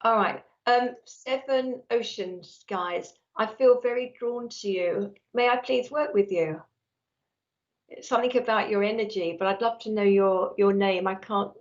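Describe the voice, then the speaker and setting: A woman's voice: medium pitch, gravelly, dull audio. A woman working as a psychic medium, giving a live-streamed reading and talking nonstop in an effusive, chatty way.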